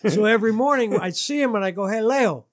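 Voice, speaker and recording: Animated Detroit man telling stories. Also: fast, dry recording. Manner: animated storyteller, swings his voice up high for quoted lines. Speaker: musician guest. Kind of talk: casual storytelling interview.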